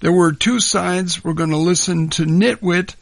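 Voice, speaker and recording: A man hosting a record show on the radio, talking through the musicians in a relaxed, conversational way with small hesitations. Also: high-pitched, measured pace, vocal fry, no room sound. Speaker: radio host. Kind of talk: unscripted record-show patter.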